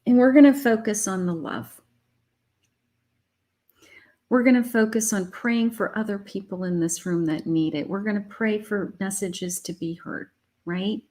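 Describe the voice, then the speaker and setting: A middle-aged woman gives a live tarot reading, unhurried and deliberate. She sounds emotional and uplifting and repeats her affirmations. Her pitch sits at an ordinary middle height. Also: warm tone. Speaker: psychic tarot reader. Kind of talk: live spiritual reading to viewers.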